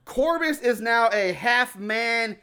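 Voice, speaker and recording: A man co-hosting a casual podcast, recapping a movie scene by scene in an animated, profane way and laughing often. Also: extremely high pitch, slow, clear, resonant tone. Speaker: podcast co-host recapping a film. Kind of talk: casual chat.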